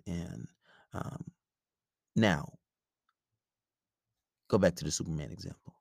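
Gravelly deep-voiced man talking blunt. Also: lively intonation, slow pace, darkish tone, no echo, clean studio sound. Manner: blunt, profane, rambling. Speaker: podcast host giving relationship advice. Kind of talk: casual monologue.

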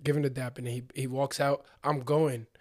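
A man's voice: medium pitch, little pitch movement, a little fast, darkish tone. A young man animatedly telling a story in casual slang, acting out what people said.

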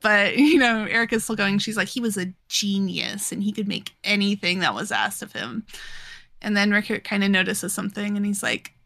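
A young woman talks casually on her podcast, walking through a story's events. Her voice is bright and clear, and she laughs easily, jumping into different voices for the characters as she goes. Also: mid-range voice. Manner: giggly, acts out characters' lines in quick voices. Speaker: podcast co-host. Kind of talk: casual chat recapping a manga.

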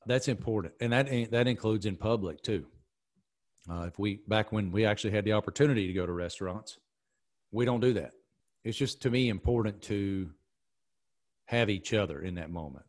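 This middle-aged podcast host from the American South tells stories in casual chat, casual and emphatic like an animated storyteller. He has a lowish voice and a moderate pace.

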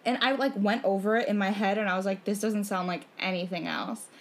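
A woman's voice: mid-range voice, steady tone, fairly quick, a little hiss or hum. Chatty young woman, rambling podcast host. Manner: rambling explainer, many "like" fillers, swears freely. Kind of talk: casual chat.

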